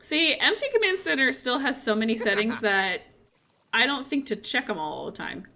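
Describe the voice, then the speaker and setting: Bright-voiced woman chatting over gameplay. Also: on the high side, very animated, normal speed, slight background noise. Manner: chatty, talks to her game characters, voices them playfully. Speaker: streamer. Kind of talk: casual gameplay commentary.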